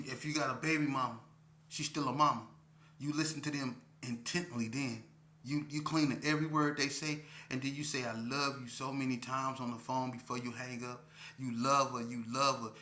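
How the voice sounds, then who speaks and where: A man giving a casual monologue, talking slowly and repeating himself like a preacher. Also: mid-range voice, flat delivery, bright, forceful tone, roomy sound. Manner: preachy street talk, repeats himself, drawn-out pauses. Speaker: vlogger.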